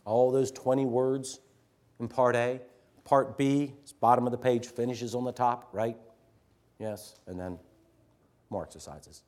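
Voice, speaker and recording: A middle-aged man, a teacher addressing fellow teachers, telling a story earnestly, swinging from loud emphasis to hushed near-whispers. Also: mid-range voice, fairly even intonation, measured pace, long pauses. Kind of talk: storytelling talk to an audience.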